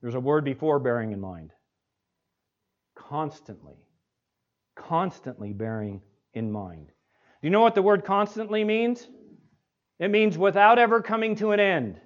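A male pastor preaching an expository sermon, asking the congregation rhetorical questions and slowing down to stress key words. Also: fairly high pitch, animated. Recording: dull lo-fi recording.

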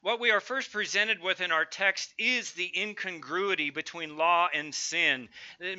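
A man's voice: high voice, sharp tone, smooth, dull audio. A middle-aged man preaching a sermon, emphatic and building lists of strong words. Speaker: pastor.

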